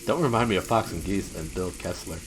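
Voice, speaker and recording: A woman's voice: very deep voice, expressive, fairly quick, background noise. A woman streaming a video game, chatting casually and joking wryly as she plays. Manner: wry, joking, easily amused. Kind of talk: casual gaming chat.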